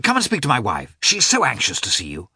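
A man reading aloud, voicing a jovial, gushing middle-aged gentleman who is eager and effusive. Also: medium pitch, huge pitch swings, fast talker, slightly rough, no echo, clean studio sound, exaggerated voice. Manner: effusive, eager, talks over others.

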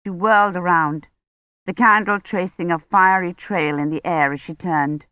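A woman narrating an audiobook in a measured, tense storytelling manner. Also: fairly low pitch, steady tone, dry recording, dull audio. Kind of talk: scripted narration.

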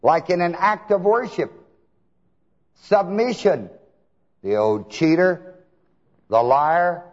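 A man preaching a sermon, asking his listeners to fill in words and swinging between soft talk and shouts. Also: mid-range voice, animated, unhurried. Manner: asks the congregation to fill in words. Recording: long hall reverb, dull lo-fi sound.

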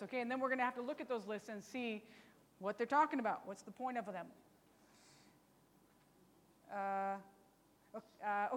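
A woman leads a Bible study class, talking in a chatty, teasing way and tossing out rhetorical questions. Her voice sits a little high. It rings out with the long reverb of a big hall.

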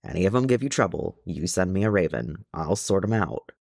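A man voicing a gruff, burly male dwarf warrior who talks bluntly. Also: low-pitched, lively intonation, brisk, a little mellow, no echo, clean studio sound, heavily acted.

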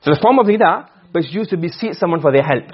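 A man teaching Arabic grammar to a class, asking questions and answering them himself, and reciting verses slowly. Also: a little high, lively intonation, husky, lo-fi sound. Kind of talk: classroom lecture.

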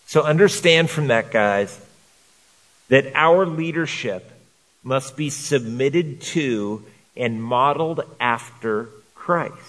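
Male pastor preaching slow and earnest, repeats stuff for emphasis. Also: mid-range voice, expressive, fairly bright tone, big-room sound. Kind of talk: sermon.

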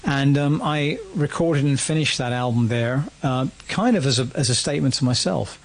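A man's voice: medium pitch, moderate pace. A man, a musician guest reflecting on his career in a casual radio interview. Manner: reflective, storytelling.

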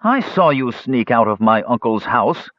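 A man's voice: medium pitch, sing-song, measured pace, no room sound, highs cut off, pitched above the performer's own voice. A man voicing an angry young male elf who insistently makes an accusation. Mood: indignant accusing. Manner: indignant, insistent, shouting.

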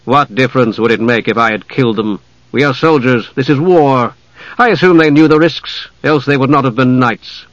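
A man's voice: medium pitch, expressive, moderate pace, a bit bright, dry recording, dull audio. Man voicing a proud, scornful enemy knight.

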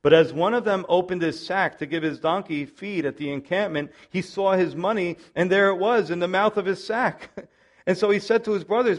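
A male pastor works verse by verse through a Bible passage, speaking briskly in a voice that sits high. His manner is animated, and he adds playful asides where he acts out the characters' lines.

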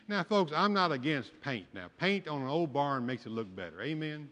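A man's voice: fairly high pitch, big pitch swings, moderate pace, hardly any pauses, fairly bright tone. An older man, a pastor, preaching a sermon with folksy storytelling and humor. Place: church sanctuary. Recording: long church hall reverb.

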